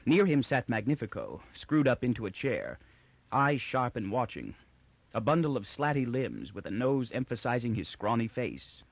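A man narrating a novel in a measured, expressive way. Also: mid-range voice, vocal fry, dry recording. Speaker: audiobook narrator. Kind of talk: scripted narration.

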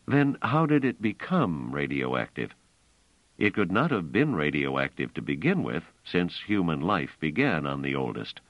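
A man's voice: very deep voice, big pitch swings, a little slow, dry recording, full character voice. A man playing a persistent questioning man. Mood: reasoning. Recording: slightly dull, dry audiobook recording.

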